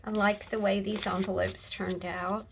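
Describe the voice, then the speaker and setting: A middle-aged woman hosting a casual craft video, chatting in a soft, rambling way as she shows her handmade books. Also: medium pitch, flat delivery, measured pace, creaky, background noise. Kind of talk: casual show-and-tell chat.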